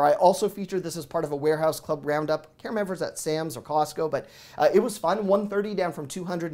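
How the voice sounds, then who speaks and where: A man in his thirties hosting a deals show, rattling off prices in an excited, auctioneer-like patter while he sweats. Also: a little high. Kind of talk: fast product deal rundown.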